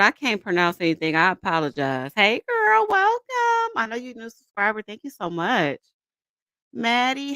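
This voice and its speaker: A woman in her thirties chats casually on a livestream, greeting viewers and laughing easily. Her pitch leaps around a lot, and her tone is bright and forceful. She is close on a dry mic. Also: no echo. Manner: animated, greets chat by name, laughs often. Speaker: livestream host.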